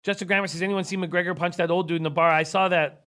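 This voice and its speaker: A man's voice: high voice, steady tone, quick pace, sharp tone. A man hosting a sports betting show, losing his voice, reading viewer comments and rattling off stats. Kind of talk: casual sports betting talk.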